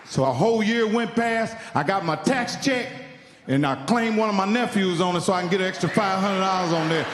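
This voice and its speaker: A man's voice: high voice, fairly quick, big-room sound, a crowd in the background, noisy background. A man from Indiana doing stand-up, telling a profane story and acting out the other people in it. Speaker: stand-up comedian. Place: live comedy venue.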